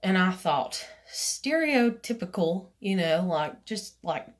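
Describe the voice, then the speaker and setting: A woman's voice: lowish voice, sing-song, takes it slowly. Rambling woman telling her story. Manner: rambling, full of "you know" and "like", acts out others' lines. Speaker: vlogger. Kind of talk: casual personal storytelling.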